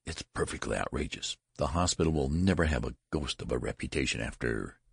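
A man doing a hushed, severe nurse. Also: rumbling low, brisk, creaky, breathy edge, no echo, studio quality, full character voice. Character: stern older female nurse, contemptuous.

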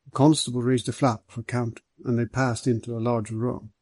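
A man reading a detective story aloud as the narrator, in a measured, even manner. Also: mid-range voice, no echo. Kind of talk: scripted audiobook narration.

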